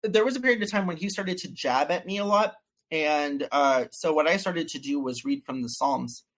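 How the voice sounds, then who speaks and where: A man's voice: fairly high pitch, normal speed. A man being interviewed, telling a story casually and acting out what others said. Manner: animated, quoting others in acted voices. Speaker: interview guest.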